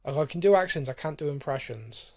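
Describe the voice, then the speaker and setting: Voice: mid-range voice, animated, quick pace, darkish tone. A podcast host in casual, laughing, self-mocking chat.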